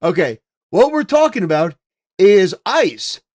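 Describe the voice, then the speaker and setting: A man's voice: high-pitched, big pitch swings, unhurried, a little mellow. Ranting male live-stream host. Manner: casual, profane, ranting, many "you know" fillers.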